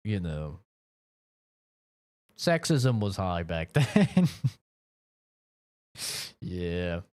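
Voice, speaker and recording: Brief: young male streamer, laid-back profane gaming chat, drawn-out delivery with a lively, swinging pitch. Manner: laid-back, profane, rambling with frequent "like" and laughs. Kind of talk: casual gaming commentary.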